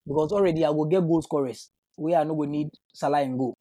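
A man's voice: fairly high pitch, fast, mellow. A man, co-hosting a sports chat, laughing often and slipping into pidgin. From Africa. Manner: laughs often, talks over others in pidgin. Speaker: podcast co-host.

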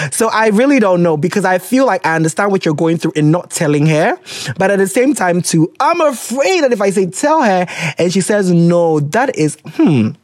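An animated Ghanaian podcast host whose pitch swings widely as they talk through listeners' love problems. They mix English with Twi phrases in a casual chat, recorded dry and close with no room sound. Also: no room sound.

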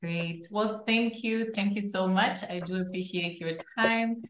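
A woman's voice: mid-range voice, fairly even intonation, unhurried, reverberant. A woman hosting a podcast, upbeat and effusive as she thanks and questions her guest. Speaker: podcast host. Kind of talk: interview hosting.

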